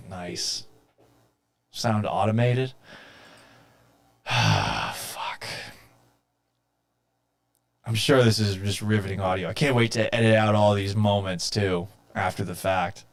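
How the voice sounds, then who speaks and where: A man's voice: fairly low pitch, gravelly. A man hosting a live sports talk stream, talking casually and reading out viewer comments, exasperated and swearing, and mocking himself. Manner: reads viewer comments aloud.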